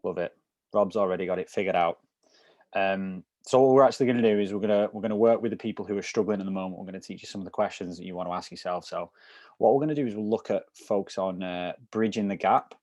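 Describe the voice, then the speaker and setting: Deep-voiced man coaching casually. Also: fast talker, a little mellow, no echo. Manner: loose, explanatory, lots of "so" and "kind of". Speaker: wellness program coach. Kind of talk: casual group discussion.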